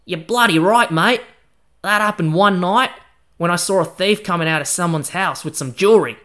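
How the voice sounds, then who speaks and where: A man voicing a cheery, slangy male night watchman from an old Chinese city, speaking loudly and casually. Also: high-pitched, moderate pace, voice pushed up. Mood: worked up. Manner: loud, matey, casual, full of slang.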